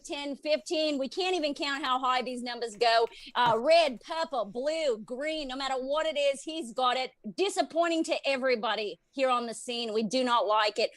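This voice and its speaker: A woman voicing a mock Australian male field reporter, in a deadpan news-report parody. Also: sits high, no echo, close to an everyday voice.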